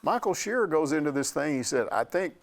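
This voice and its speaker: Animated older male storyteller. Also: fairly high pitch, fast, creaky. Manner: animated storyteller, acts out quotes. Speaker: sports reporter answering questions. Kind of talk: casual storytelling chat.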